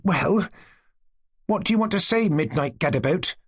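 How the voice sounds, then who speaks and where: A man voicing a calm, teasing Cossack girl. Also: sits high, moderate pace, breathy edge, dry recording, clean studio sound, voice pushed up. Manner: teasing, composed.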